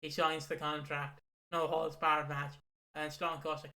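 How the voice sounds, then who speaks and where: This man co-hosts a laid-back wrestling podcast, where he rambles through recaps, swears, and laughs at his own stories. His voice sits fairly high and stays monotone, moving at a normal speed with a pushed, bright quality.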